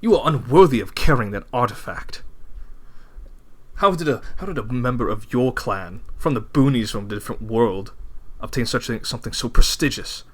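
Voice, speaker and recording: Man doing a haughty young elite for a tabletop game: slow, loud, sneering, mid-pitched. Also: animated, lightly acted. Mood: contemptuous. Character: arrogant young male elite student, haughty and contemptuous.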